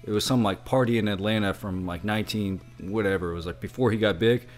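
A man swapping stories on a casual podcast, his voice sitting at an average pitch. He tells things animatedly and drops into the voices of the people he quotes, with faint music playing underneath. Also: fast talker. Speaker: podcast co-host. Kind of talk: casual storytelling chat.

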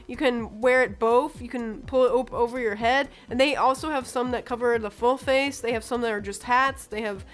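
Woman, high voice, casual podcast chat, enthusiastic, rambling. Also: steady tone, normal speed, hardly any pauses. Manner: enthusiastic, rambling with many fillers. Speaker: co-host.

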